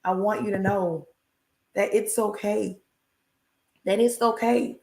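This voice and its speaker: A woman's voice: mid-range voice, steady tone, takes it slowly, long pauses, darkish tone, echoey room. A woman giving an encouraging faith talk on a livestream, emphatic and repetitive, with a preacher-like cadence and folksy asides. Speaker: inspirational speaker.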